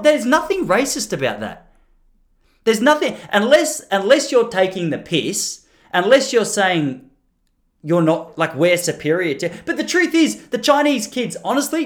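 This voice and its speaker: An Australian man chatting straight to camera in a loose, rambling vlog. His pitch swings widely as he jokes at his own expense and trips over his own restarts. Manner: rambling, jokey and self-deprecating, full of restarts. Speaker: vlogger. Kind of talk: casual to-camera monologue.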